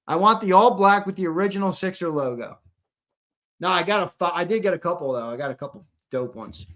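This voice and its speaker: Reading comments on a live fan show he co-hosts, a young man keeps the chat casual, cursing and repeating his lines. His voice is a little high with a fairly bright tone.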